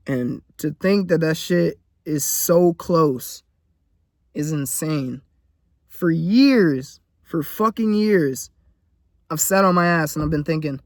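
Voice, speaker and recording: A young man vents in a casual, profane rant, blunt and worked up. His voice sits high for a man. The recording is dry and close, with no room sound. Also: slow pace, pauses often, no echo. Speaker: vlogger. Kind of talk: casual venting monologue.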